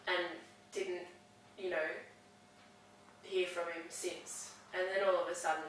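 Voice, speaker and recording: A woman's voice: lowish voice, little pitch movement, slight background noise. Hesitant woman in an echoey room. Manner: hesitant, halting, many restarts. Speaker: client seeking counselling. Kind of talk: counselling session conversation. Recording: echoey room, far from mic.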